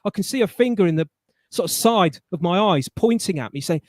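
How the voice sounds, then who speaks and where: A man's voice: high-pitched, lively intonation, a little fast, darkish tone, no room sound, studio quality. Chatty Englishman stammering through a story. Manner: rambling anecdotes with stammered restarts. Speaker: guest. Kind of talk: casual storytelling chat.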